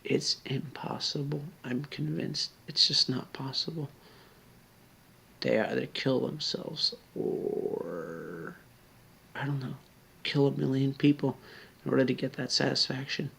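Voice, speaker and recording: A man's voice: mid-range voice, measured pace, creaky, long pauses, fairly bright tone, slightly rough. A drunk man, near tears and slurring, earnestly pleading with viewers and often dropping to a whisper. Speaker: video blogger. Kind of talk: emotional direct-to-camera appeal.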